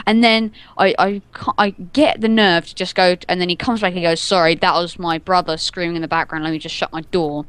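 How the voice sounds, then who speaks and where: A woman's voice: mid-range voice, fairly quick, clean tone, no room sound. Giggly, rambling young woman storyteller. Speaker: podcast co-host telling a story. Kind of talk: casual chat.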